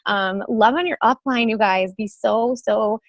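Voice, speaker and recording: A young woman speaks on a video call, urging her team on with gushing, emotional warmth and a string of ums. Her voice sits fairly high and the sound is dry and close. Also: a little slow, no echo, rough recording. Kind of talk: motivational sales talk.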